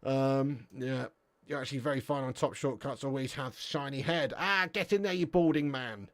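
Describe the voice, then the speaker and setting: A man's voice: mid-range voice, moderate pace, no room sound. A young English man hosting a football live stream, reading chat messages and bantering with viewers in a slangy, swearing, laugh-filled way. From England.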